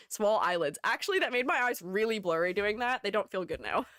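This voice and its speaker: A giggly woman streams in casual, playful chat and often talks to herself. Her voice swoops between low and high, recorded dry and close. She sits at a middle pitch for a woman. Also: very animated, normal speed, a bit bright, no echo. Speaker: VTuber streamer and artist.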